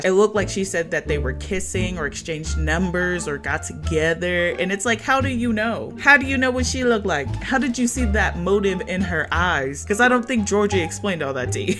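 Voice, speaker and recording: A woman's voice: fairly low pitch, a bit bright. A woman giving a blunt, sassy, casual recap of a reality show, with music under her voice. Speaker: recap host.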